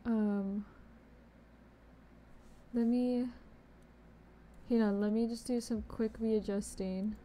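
A woman's voice: fairly high pitch, steady tone, takes it slowly, pauses often, mellow. A young woman chatting casually on a game live stream, bubbly and chatty, greeting viewers with pet names. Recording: faint background noise.

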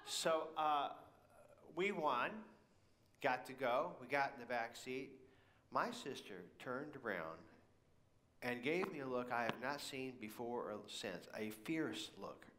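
A male pastor preaching a sermon in a storytelling manner, acting out the people he quotes. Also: slight background noise. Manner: animated storyteller, voicing quoted people with big jumps in pitch.

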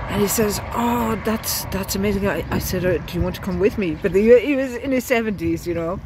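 A woman's voice: medium pitch, brisk, few pauses, heavy background noise. Rambling Irish woman on a roadside walk. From Ireland. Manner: rambling, many fillers and restarts, lightly tearful. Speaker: pilgrim vlogger. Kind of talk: casual spoken video diary. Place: outdoors by a road while walking.

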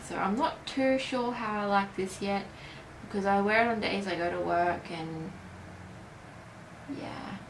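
A tired woman in her early twenties chatting through a casual beauty review, rambling and unhurried with plenty of hesitations. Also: mid-range voice, noisy background. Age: early 20s. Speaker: beauty vlogger. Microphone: camera mic. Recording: roomy echo.

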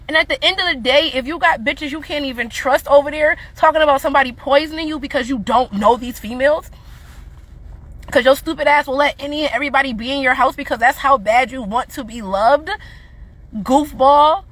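High bright-voiced woman ranting angrily. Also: no room sound. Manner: angry, mocking, laughing scornfully, swearing. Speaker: livestreamer responding to her child's father. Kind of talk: heated livestream rant.

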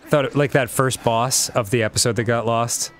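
A man's voice: mid-range voice, steady tone, a little fast, soft background music. A man co-hosting a casual gaming chat, playful and jokey, breaking into silly voices. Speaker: co-host. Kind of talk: casual chat while playing a game.

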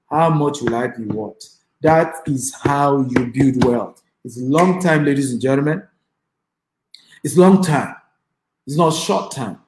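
A man's voice: a little high, darkish tone, reverberant, rough recording. A man with a Nigerian accent giving an online class as a real estate investor and trainer. He speaks emphatically and repeats phrases, and he urges the audience to type replies.

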